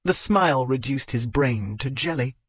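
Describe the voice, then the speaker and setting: A man narrating a historical romance audiobook in a steady, measured reading. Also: mid-range voice, no room sound.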